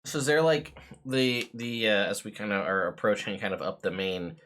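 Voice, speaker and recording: A man's voice: lowish voice, moderate pace, fairly bright tone. A man running a tabletop game as game master, describing scenes and asking players questions with many hesitations. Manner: hesitant, full of fillers and restarts while describing scenes.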